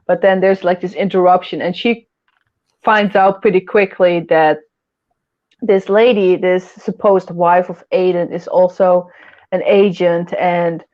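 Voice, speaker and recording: A woman's voice: on the low side, steady tone, a little slow, darkish tone, dull audio. A woman hosting a casual livestream chat, rambling and giggling often as she talks. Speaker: host.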